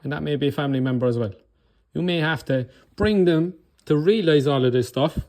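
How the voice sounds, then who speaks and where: A man's voice: a little high, a little fast, darkish tone. A man with an Irish accent, coaching in a motivational talk, speaking with controlled anger and passion and often checking in with "okay?". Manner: blunt, swears, keeps checking in with "okay?".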